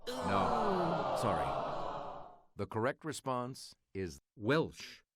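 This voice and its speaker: A man hosting a quiz show, reading clues in a measured, crisp way and calling on the player to choose again. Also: medium pitch, wildly swooping pitch, very noisy.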